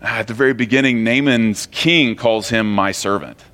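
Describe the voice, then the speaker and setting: A man preaching a sermon in an animated, conversational way, often restarting and repeating phrases. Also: mid-range voice, moderate pace. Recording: long hall reverb.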